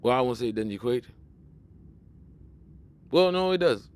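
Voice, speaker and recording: Man, mid-pitched voice, casual monologue, emphatic, preachy, repeats words. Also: lively intonation, normal speed, darkish tone, clean tone. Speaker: video commentator.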